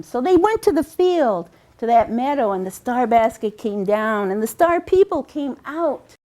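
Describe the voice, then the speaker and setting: A woman with a high voice tells a folk tale aloud. She is lively and warm in pacing, slowing down for emphasis and repeating key phrases for rhythm. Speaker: storyteller. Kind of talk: oral storytelling of a folk tale.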